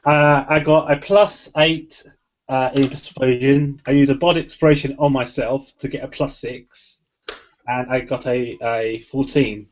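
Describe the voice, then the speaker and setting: A man's voice: medium pitch, fairly even intonation, a little slow. Hesitant man playing a tabletop game. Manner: hesitant, many uhs, formal in character. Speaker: player. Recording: dull lo-fi home recording.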